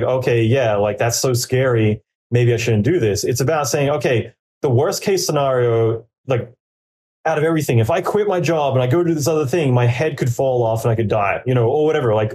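Man, mellow tone, casual podcast chat, rambling with lots of fillers, acts out quoted thoughts. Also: mid-range voice. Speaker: podcaster giving career advice. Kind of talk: casual conversational interview.

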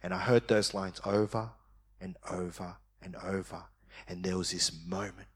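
During a sermon testimony, a man with a deep, slightly rough voice brings his personal story to life, acting out his younger self. He lowers to a quiet, unhurried tone for the tender moments.

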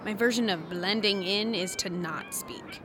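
A woman's voice: medium pitch, huge pitch swings, unhurried. A woman acting in an audio drama, grumpy, blunt and sarcastic. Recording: clear background noise.

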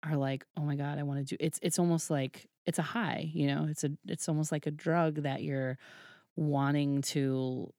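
This is a woman with a low voice, chatting as a podcast guest. She is animated, laughs often, and acts out the quoted dialogue as she goes. The recording is close and dry. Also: normal speed, dry recording. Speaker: podcast guest, burlesque troupe founder. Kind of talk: casual interview storytelling.

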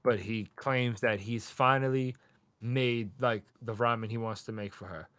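A man on a podcast retells a story in a lively, animated way, jumping into the characters' voices and laughing along. His voice sits at a middle pitch. The recording is dry and close, with no room sound. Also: unhurried, no echo. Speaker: podcast co-host. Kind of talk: casual chat recapping a manga chapter.

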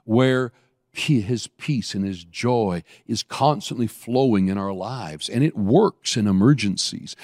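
A man preaching a sermon, telling a story with animated bursts and slowing right down on key phrases. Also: no room sound, studio quality. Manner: animated storytelling, acts out scenes with sudden high bursts.

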